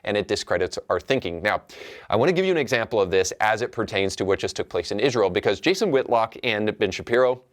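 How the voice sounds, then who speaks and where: Male host, lowish voice, measured argumentative commentary. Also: a bit bright. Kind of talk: commentary on clips.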